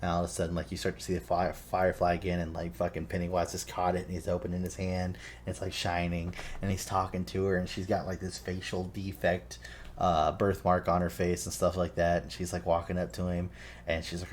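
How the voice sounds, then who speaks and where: A man with a very low, deep voice talks in a loose, rambling way and swears constantly. He retells film scenes with animated energy in a relaxed, casual chat. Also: fast, a little hiss or hum. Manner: swears a lot, rambling storytelling. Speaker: podcast co-host.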